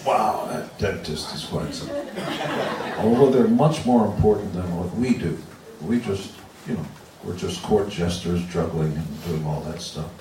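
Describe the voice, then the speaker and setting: Speaking at normal speed in a low voice over a noisy background, a man in his sixties swaps guitar chords for blunt, joking stories before a live audience of fans. His crude asides echo through a roomy event space, captured by a distant mic along with the guitar.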